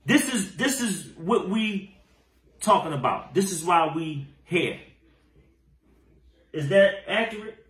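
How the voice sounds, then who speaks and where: A man with a high, bright, forceful voice hosts a podcast interview. He presses his questions, often repeats himself, and answers with reactions like "wow." The room gives his voice a roomy echo. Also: animated, slow, long pauses. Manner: emphatic, repeats words, lots of "wow". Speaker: podcast host.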